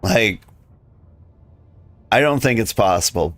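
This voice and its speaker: A man's voice: fairly low pitch, a little slow, no echo. A man chatting casually and rambling while streaming a game, his voice tired and wearing thin, with lots of filler words. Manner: rambling, relaxed, many "like" fillers. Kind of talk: casual live-stream chat while playing.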